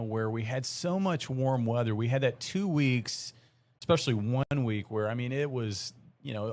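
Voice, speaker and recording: A middle-aged man talks through the seasonal weather outlook on a live broadcast. He explains in a loose, chatty way, full of "you know" and "um". His pitch is an everyday middle for a man. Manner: conversational, explanatory, lots of fillers. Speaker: meteorologist.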